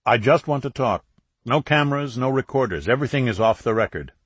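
A man's voice: medium pitch, lively intonation, a little fast, slightly rough, dry recording, voice pushed up. A man reading an audiobook, voicing an older TV commentator who speaks politely and earnestly, trying to appease. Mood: appeasing.

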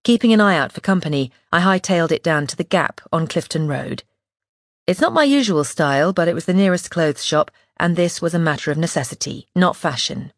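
A woman reading a first-person audiobook in a steady, measured way. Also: fairly low pitch, dry recording, studio quality. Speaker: audiobook narrator. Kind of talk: scripted first-person narration.

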